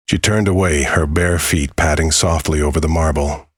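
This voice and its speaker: A man giving a measured, solemn scripted narration of a dramatic story. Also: a bass voice, steady tone, husky, dry recording, clean studio sound.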